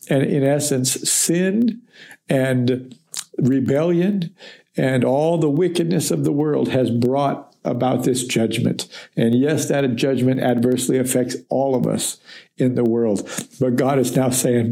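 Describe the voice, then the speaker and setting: A man's voice: mid-range voice, takes it slowly, creaky. A man giving a reflective, conversational verse-by-verse Bible teaching as a podcast teacher. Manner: reflective, conversational, with gentle fillers.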